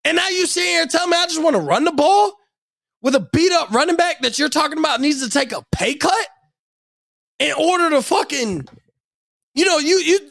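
A man hosting a sports podcast, delivering an angry, profane rant and shouting at times. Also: extremely high pitch, creaky, no room sound, clean studio sound.

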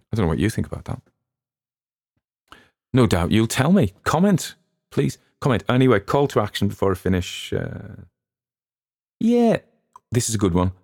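A man hosts his own show in a loose, rambling way. His voice sits very low with a gravelly rasp, and he often trails off and restarts his sentences. The recording is dry and close, with no room echo. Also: darkish tone. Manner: chatty, musing, with many restarts. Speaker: podcast host. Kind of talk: casual rambling commentary.

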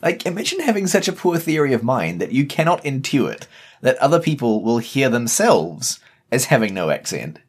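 A man's voice: mid-range voice, husky. A man with a New Zealand accent, co-hosting a podcast in a casual, emphatic discussion. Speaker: podcast co-host.

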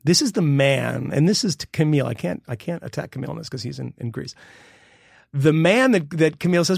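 Gravelly, emphatic middle-aged man. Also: animated, brisk, no echo, studio quality. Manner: rambling and emphatic, with sudden jumps in pitch. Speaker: podcast co-host. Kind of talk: casual political podcast chat.

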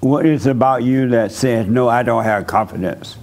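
A man's voice: mid-range voice, normal speed, a little mellow. A male pastor questioning a church visitor in short, blunt, probing questions. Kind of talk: question-and-answer counseling in church.

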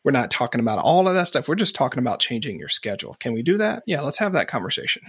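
A man hosting a podcast, chatting in an animated way and acting out quoted remarks. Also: mid-range voice, quick pace, breathy edge, no echo. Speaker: podcast host. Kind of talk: conversational podcast interview.

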